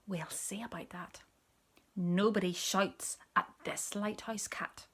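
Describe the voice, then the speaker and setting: A large, proud ginger tomcat grumbles to himself in a storybook, voiced by a woman reader. His lines come slowly and indignantly, in a husky, breathy near-whisper. He sounds sure he is the most important cat around. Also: mid-range voice, a bit bright.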